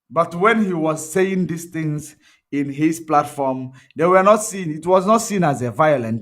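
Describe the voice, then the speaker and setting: A man's voice: high-pitched, fairly bright tone. A man with a Nigerian accent giving an emphatic political commentary monologue, repeating points for effect. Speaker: online commentator.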